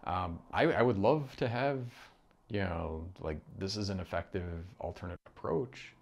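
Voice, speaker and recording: Low-voiced man musing aloud. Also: lively intonation, vocal fry, darkish tone. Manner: rambling, halting, many restarts and profanity. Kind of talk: casual monologue. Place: home room.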